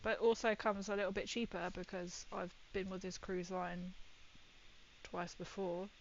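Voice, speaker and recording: A woman's voice: mid-range voice, little pitch movement, moderate pace, muffled recording, slight background noise. A woman painting miniatures and chatting with viewers in a rambling, giggly way. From Britain. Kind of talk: casual chat while painting.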